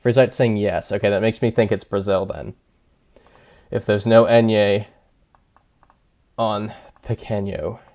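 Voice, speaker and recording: Man, livestream game commentary, low voice, unhurried, thinking aloud, keyboard clicks behind. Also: a little mellow. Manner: thinking aloud, chatty and self-deprecating, reading chat. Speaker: streamer.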